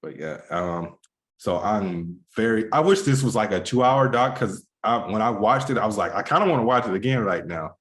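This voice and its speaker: A man's voice: fairly low pitch, animated, moderate pace. A man co-hosting a podcast, chatting casually with fillers and restarts, speaking straight to his listeners. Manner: rambling, full of fillers, trails off softly; talks to listeners directly. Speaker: podcast co-host. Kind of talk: casual chat.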